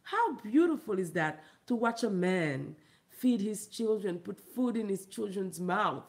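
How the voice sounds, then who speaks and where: A woman from Haiti, a vlogger and comedian, ranting loudly and emphatically with a lot of laughter. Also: lively intonation, measured pace. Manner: loud, emphatic, profane, laughing, big pitch swings. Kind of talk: ranting commentary vlog.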